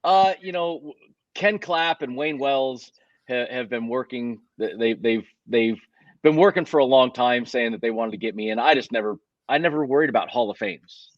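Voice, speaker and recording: A man, a racing driver, telling stories in a casual interview, talking in an animated way with lots of restarts and self-corrections. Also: mid-range voice, normal speed, no echo, lo-fi sound.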